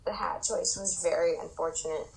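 A woman guest on a podcast, chatting casually and agreeably, quick to chime in. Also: lowish voice, fairly even intonation, gravelly, crowd noise, rough recording. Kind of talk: casual chat.

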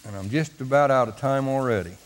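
A man's voice: mid-range voice, brisk, big-room sound. A man preaching a sermon, leading call-and-response and drawing out his phrases for drama. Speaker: pastor.

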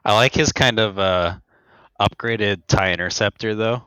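Young man, bright crisp voice, dry close sound, casual film chat full of fillers. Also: fairly low pitch, a little slow, dry recording. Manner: chatty, frequent "like" fillers, quotes characters sarcastically. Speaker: film commentary co-host. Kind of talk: casual movie commentary chat.

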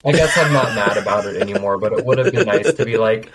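A man's voice: fairly low pitch, quick pace, few pauses, fairly bright tone, rough recording. A young man as a podcast guest, telling stories frankly with plenty of swearing. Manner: frank, profane storyteller. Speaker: podcast guest, drag performer. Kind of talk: casual interview chat.

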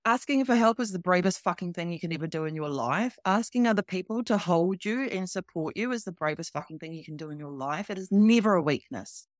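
Woman, podcast guest, candid and emphatic, swears freely, mid pitch, dry close sound. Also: lively intonation, fairly quick, hardly any pauses, no echo. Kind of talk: candid recovery chat.

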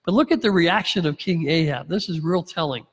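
Male pastor, sermon delivery, slightly high voice, sarcastic wit, reverberant hall. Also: fairly quick, breathy edge. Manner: reads scripture aloud, plays characters' lines with wry sarcasm and chuckles.

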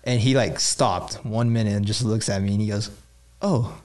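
Young man telling a story casually, rambling with lots of filler words and getting animated. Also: on the low side, fairly quick. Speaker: store employee telling a story.

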